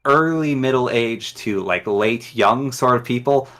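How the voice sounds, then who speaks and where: A man's voice: mid-range voice, measured pace, fairly bright tone. A man with a Northwestern Canadian accent, a guest chatting casually, rambling with many ums and restarts. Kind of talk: casual interview chat.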